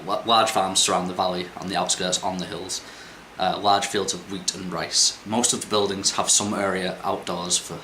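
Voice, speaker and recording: A man runs a tabletop game, reading out scenes and fixing his slips as he goes. His voice is bright and a little low. The room echoes and a faint noise sits behind him. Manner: descriptive narration with small self-corrections. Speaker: game master.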